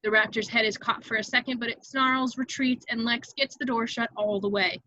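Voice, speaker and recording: A woman reading stage directions aloud in an amateur online table read, brisk and vivid, with occasional slips she corrects. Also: fairly high pitch, steady tone, pushed and bright, no echo, muffled recording.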